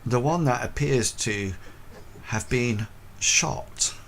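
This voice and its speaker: A man's voice: medium pitch, takes it slowly, a bit bright, slight background noise. A man voicing a stern, suspicious police inspector who questions people in a clipped, probing way.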